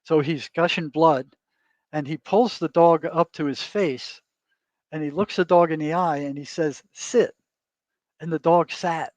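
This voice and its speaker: A man's voice: a little high, fairly even intonation, a little slow, a little mellow, no echo. A man guest, a therapist, telling a story in casual interview talk and often adding "you know" and "right?". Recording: dull lo-fi dry sound.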